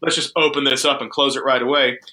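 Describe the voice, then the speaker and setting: A man voicing a tired male federal marshal, who asks questions in a low, flat way. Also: fast talker, lightly acted. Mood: weary.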